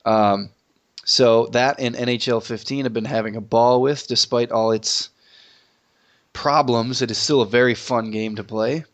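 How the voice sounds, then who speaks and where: A man hosting a casual gaming podcast, a little sick and sniffly, joking in a relaxed way. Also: medium pitch, unhurried. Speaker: podcast host.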